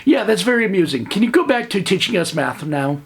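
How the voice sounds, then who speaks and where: A man's voice: sits high, sing-song, a little fast, gravelly, noisy background. A man hosting a comedic movie review, narrating with sarcastic, joking asides.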